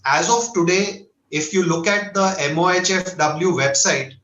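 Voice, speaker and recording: A man with an Indian accent, a doctor giving a formal, measured slide lecture at a medical webinar. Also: a little high, bright, forceful tone, roomy sound, poor audio. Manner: measured, earnest, asks for each next slide. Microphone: webinar audio.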